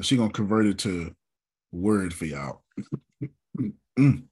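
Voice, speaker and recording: A man leading a casual work meeting, animated and joking, with a drawling, husky voice. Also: fairly low pitch, takes it slowly, long pauses. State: sore after workouts. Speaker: business owner leading a team meeting.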